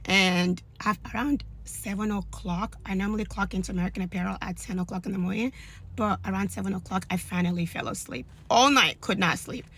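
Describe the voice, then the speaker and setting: Husky woman telling a faith testimony. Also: mid-range voice, a little fast, a bit bright. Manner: emotional, earnest, conversational with fillers. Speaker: storyteller giving a faith testimony. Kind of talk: personal testimony storytelling.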